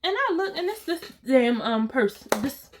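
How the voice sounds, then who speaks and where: Animated woman telling a story. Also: high voice, normal speed. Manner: dramatic, talks straight to the viewers with slang and exaggeration. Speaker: storytime vlogger.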